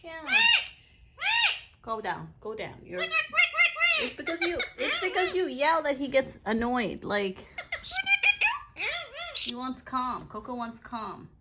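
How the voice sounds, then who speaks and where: A woman's voice: on the high side, lively intonation, takes it slowly, long pauses, very noisy. A woman at home talking baby talk to her pet parrots. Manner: sing-song baby talk to birds. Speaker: pet owner. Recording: loud parrot squawks behind.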